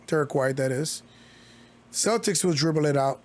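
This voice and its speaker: Jokey asides fill the gaps as this streamer calls basketball plays live in a casual, talkative manner. He has a fairly high-pitched voice and speaks at normal speed.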